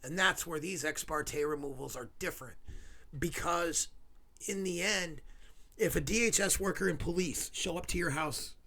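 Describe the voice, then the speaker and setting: Angry ranting man with a gravelly voice. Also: a little high, normal speed, pushed and bright. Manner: heated, swearing, sarcastic asides. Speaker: video host.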